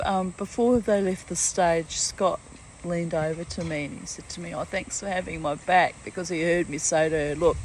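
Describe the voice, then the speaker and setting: A woman from New Zealand, with her accent, tells a story in a chatty, animated way and slips into voices for the people in it. Her voice sits a little low. Faint crickets and insects sound around her outdoors. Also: a little hiss or hum, low-quality recording. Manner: chatty storyteller, acts out dialogue, laughs often. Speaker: vlogger. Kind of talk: casual spoken diary. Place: outdoors among trees.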